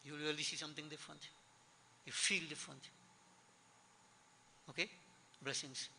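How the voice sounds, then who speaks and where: Man, spiritual teacher, sermon, high voice, very bright tone, long hall reverb, emphatic, repeats key words. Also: fairly even intonation, normal speed, pauses often, a little hiss or hum. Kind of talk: sermon at a devotional gathering.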